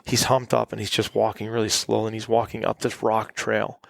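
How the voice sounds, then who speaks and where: A man telling hunting stories in a relaxed, animated podcast conversation, acting out the people in his tales. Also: fairly low pitch, normal speed, creaky. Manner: animated, acts out quotes. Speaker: guest hunter. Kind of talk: casual storytelling. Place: cabin.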